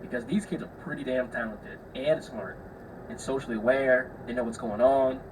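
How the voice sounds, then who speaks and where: At a normal speed and everyday middle pitch, a young man hosts his own podcast, telling casual stories solo. He's chatty, swears freely, and plays the people in his tales, sounding a little far from the mic over a faint hiss.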